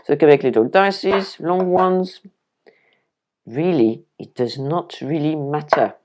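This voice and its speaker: Speaking slowly in a low-pitched, darkish voice, a French woman chats enthusiastically to her viewer while chopping vegetables during a casual cooking demonstration in her home kitchen. She has a French accent.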